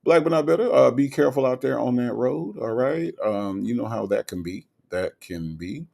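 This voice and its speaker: Casting: male host, easygoing chat reader, mid pitch. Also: expressive, moderate pace, vocal fry, a little mellow. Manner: reads viewer comments aloud, laid-back and playful. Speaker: livestream host reading chat. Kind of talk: casual chat.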